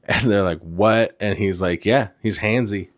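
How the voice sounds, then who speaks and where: Man, fairly low voice, joking podcast co-host, profane casual talk. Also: a little slow, dry recording, clean studio sound. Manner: laughs often, swearing, joking. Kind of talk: casual chat.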